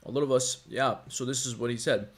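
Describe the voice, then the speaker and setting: A man talks loosely to his live-stream viewers and swears freely. He lays out advice like a lecture at a mid pitch. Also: fairly even intonation, brisk. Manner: blunt and profane. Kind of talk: casual live-stream chat.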